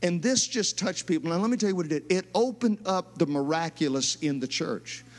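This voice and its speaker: A middle-aged man, a pastor, preaching a sermon in a church, telling stories in an emphatic, animated way. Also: a little high, a little fast, in a large hall. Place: church sanctuary.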